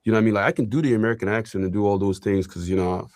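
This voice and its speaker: Low-voiced young man from Ireland, rambling. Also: fairly even intonation, racing, a little mellow, no room sound. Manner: rambling, filler-heavy, with frequent likes and you-knows. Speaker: interview guest. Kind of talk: casual conversation.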